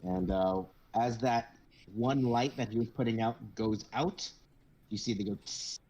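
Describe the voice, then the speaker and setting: A man narrating as game master of a tabletop game, casual and halting. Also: mid-range voice, darkish tone.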